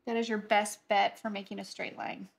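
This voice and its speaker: A woman teaches a watercolor tutorial from her home studio, chatting casually while she paints and getting easily distracted. Her mid-range voice has little pitch movement and some vocal fry, at a normal speed.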